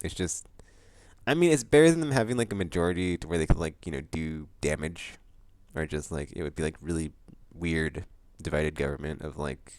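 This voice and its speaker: A man hosting his monthly vlog, chatting loosely with lots of fillers, restarts and bursts of excitement. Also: rumbling low, brisk, dry recording. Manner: excitable outbursts about upcoming games. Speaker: vlog host. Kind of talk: casual rambling monthly vlog chat.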